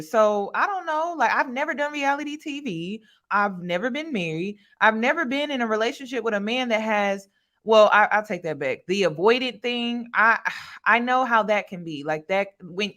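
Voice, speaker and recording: A woman's voice: mid-range voice, a bit bright. A woman hosting a reaction video, speaking candidly and directly to her viewers. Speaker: commentary host. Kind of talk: reaction commentary.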